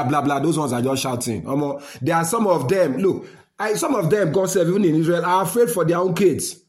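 A man with a Nigerian accent giving an impassioned monologue, mixing Pidgin and English, firing rhetorical questions and swinging between loud outbursts and low mutters.

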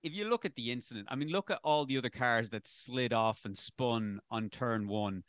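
A man's voice: medium pitch, normal speed, a bit bright, no room sound. A man chats casually about racing, rambling and opinionated and often stopping to correct himself. His voice sits in a middle range. The recording is dry and close, with no room sound. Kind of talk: casual sports discussion.

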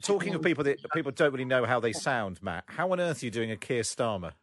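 A man's voice: mid-range voice, lively intonation, quick pace, no room sound. Sex: man. Role: radio presenter. Style: interview. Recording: dry studio sound.

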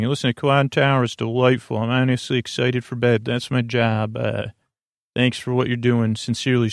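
A man hosting a sleep podcast, reading listener reviews aloud in a meandering, halting way full of fillers and restarts. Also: medium pitch, gravelly, no room sound, clean studio sound.

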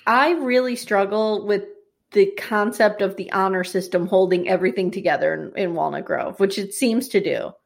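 A woman co-hosting a podcast, recapping a TV episode in casual chat, wry and animated, laughing often. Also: mid-range voice, normal speed, creaky. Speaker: podcast co-host.

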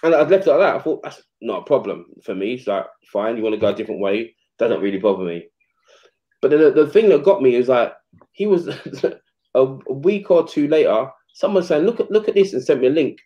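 A man's voice: mid-range voice, fairly quick. Casual man in his 40s, chatty anecdote-teller, slightly dull recording. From England. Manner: animated, slangy, acts out quotes. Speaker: retired footballer guest. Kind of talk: casual storytelling interview. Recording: slightly muffled podcast audio.

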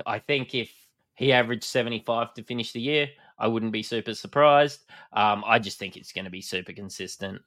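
Laid-back podcast co-host guy, hedges his takes, normal pitch. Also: pushed and bright. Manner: easygoing, hedging opinions. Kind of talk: casual podcast chat.

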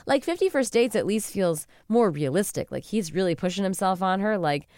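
A woman co-hosting a podcast in casual chat, animated and swearing, acting out the people she quotes. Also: mid-range voice, a little fast, no echo, studio quality. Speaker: podcast co-host.

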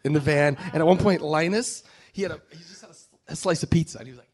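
Guy telling wild stories bout making his movie, animated, swears a lot, laughs as he talks. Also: a little high, quick pace, slightly rough. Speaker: film director. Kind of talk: casual storytelling.

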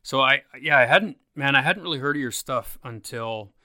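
A man's voice: mid-range voice, moderate pace, bright, forceful tone, no echo, clean studio sound. A man hosting a casual interview, easygoing and agreeable, often stammering and restarting. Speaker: podcast host.

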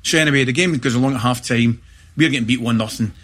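A middle-aged man with a Scottish accent, a guest telling lively football and film stories in casual chat. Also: mid-range voice, quick pace. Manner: animated anecdotes with laughter and acted-out shouts.

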